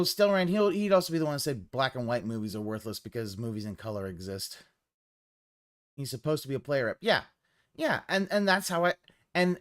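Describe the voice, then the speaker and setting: A man streaming live and commenting casually, rambling and swearing as he reacts to a clip. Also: mid-range voice. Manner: rambling, profane, animated.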